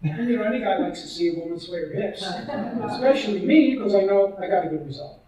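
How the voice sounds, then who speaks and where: A man with a notably high-pitched voice, a doctor speaking live to an audience. He talks in a lively, anecdotal way, building his patient stories with energy and asking the room questions. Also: brisk, big-room sound, crowd noise. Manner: animated anecdotal storytelling. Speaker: doctor giving a talk.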